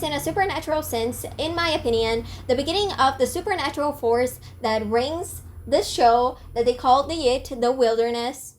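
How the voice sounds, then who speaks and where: A young woman narrating a casual video essay, chatty with lots of "like" and self-conscious asides. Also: a little high. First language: not French. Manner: chatty, frequent "like", apologetic about pronunciation.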